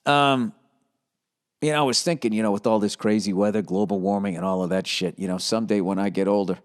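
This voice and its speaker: A man's voice: lowish voice, huge pitch swings, a little fast, gravelly. A middle-aged man hosting a solo podcast, rambling sarcastically with lots of swearing and self-mockery. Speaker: podcast host.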